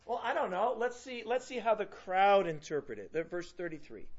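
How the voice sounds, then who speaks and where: High-voiced man teaching a Bible class. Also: sing-song, fairly quick, a bit bright. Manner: conversational, acts out quotes with humor. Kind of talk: classroom lecture with scripture reading. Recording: dull lo-fi classroom recording.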